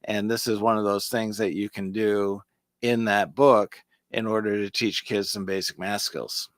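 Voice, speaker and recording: A man's voice: lowish voice, fairly even intonation, moderate pace, dry recording, clean studio sound. A man co-hosting a casual chat show about magic, explaining tricks step by step and counting aloud. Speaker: podcast co-host.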